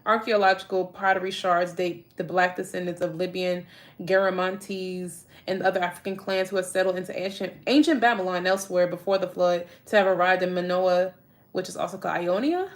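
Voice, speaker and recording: Excitable young woman talking books. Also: fairly low pitch, fairly quick. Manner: excitable, reads aloud then riffs, laughs often. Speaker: book-discussing content creator. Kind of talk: casual book talk to viewers.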